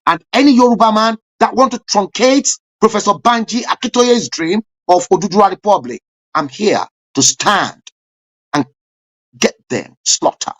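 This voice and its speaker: A man hosting a live-stream talk show, giving fervent political commentary with sudden loud rising bursts. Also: high-pitched, moderate pace. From Nigeria.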